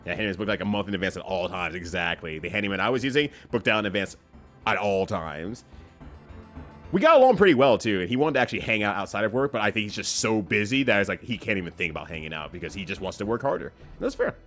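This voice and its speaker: A man streaming a game, chatting casually and laughing often, with animated jumps in pitch. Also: fast, soft background music. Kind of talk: casual chat while playing a game. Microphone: streaming mic.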